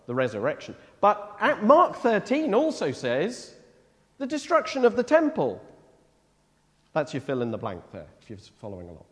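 A male preacher delivering a sermon in a church, with a lively, rising-and-falling delivery. He talks casually and keeps checking in with his listeners. A long hall reverb trails his words. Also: fairly high pitch. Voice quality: conversational, asks the congregation questions.

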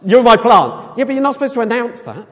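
A man preaching a sermon in a conversational, animated way, acting out quoted voices. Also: extremely high pitch, fast talker. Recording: long echo of a large hall.

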